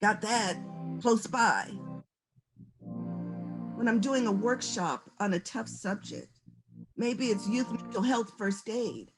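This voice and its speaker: A woman presenting a virtual conference workshop on stress reduction, talking in a gentle, folksy, conversational way as she coaches breathing. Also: mid-range voice, sing-song, slow pace, long pauses, low-quality recording. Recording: music playing underneath.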